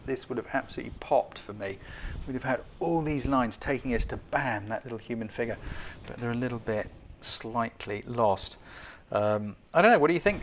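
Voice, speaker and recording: Chatty male host judging photos on a live stream, self-deprecating, mid-pitched, keeps asking the audience. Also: a little hiss or hum. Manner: self-deprecating, hedging critic. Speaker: host giving photo feedback.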